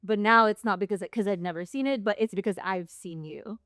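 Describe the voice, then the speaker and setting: A woman's voice: medium pitch, a little fast, fairly bright tone, no room sound, clean studio sound. A woman hosting a podcast, chatting casually and reacting to her guest. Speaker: podcast host.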